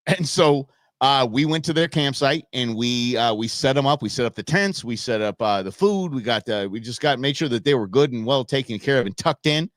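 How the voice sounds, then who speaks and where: A man's voice: medium pitch, animated, a little fast, a bit bright, no room sound, clean studio sound. A middle-aged man hosting a live show, telling a story in a rambling, emphatic way with lots of fillers and restarts. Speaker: show host.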